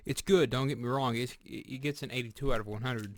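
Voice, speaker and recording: Man reviewing snacks with halting fillers. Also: medium pitch, fairly even intonation, no room sound. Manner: deliberate, hesitant with fillers and restarts. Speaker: food reviewer. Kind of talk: casual product review vlog.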